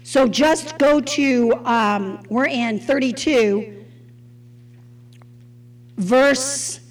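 A woman teaching a Bible study in an expressive, conversational way, putting questions to her listeners. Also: sits high, poor audio.

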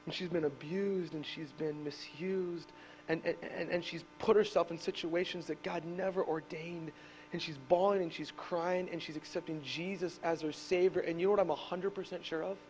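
A man in his thirties preaching a sermon as pastor, telling stories animatedly and rising to shouts on key points. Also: a little high, fairly even intonation, normal speed, muffled recording, a little hiss or hum. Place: church.

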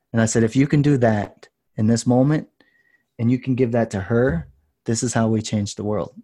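A man in his thirties, a podcast guest, telling a story in an earnest, intense way that rises at times into loud passion. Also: medium pitch, moderate pace. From United States. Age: 30s. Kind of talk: casual storytelling.

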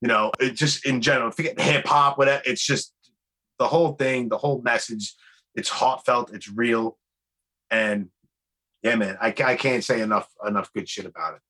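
A man's voice: mid-range voice, moderate pace, sharp tone. A man hosting a podcast on a video call from his bedroom, easygoing and swearing freely. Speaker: podcast host. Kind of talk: casual interview chat. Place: bedroom at home.

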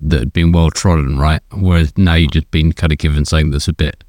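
A man's voice: rumbling low, fairly even intonation, fairly quick, darkish tone, no room sound, studio quality. A man hosting a podcast interview, adding short prompts and questions. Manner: brief prompting comments and questions. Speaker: podcast host. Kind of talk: casual interview.

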